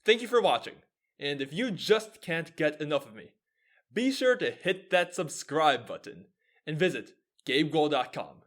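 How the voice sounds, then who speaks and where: Hosting his own show, this twentysomething man delivers a scripted, earnest explanation, raising rhetorical questions he goes on to answer. He sounds slightly high and fairly bright, very animated yet unhurried.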